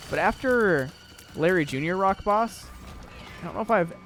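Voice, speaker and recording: A man's voice: high-pitched, lively intonation, normal speed, a bit bright, slight background noise. A young American man chatting casually through a let's-play, rambling with lots of "like" and "um". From southern United States. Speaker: gaming YouTuber.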